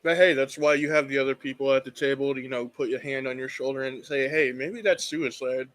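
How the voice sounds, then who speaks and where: A man's voice: mid-range voice, little pitch movement, quick pace, fairly bright tone, dry recording. A young man who runs tabletop games, chatting casually with lots of fillers and enthusiasm. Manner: rambling, filler-heavy, enthusiastic. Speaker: game master, podcast guest. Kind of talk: casual chat.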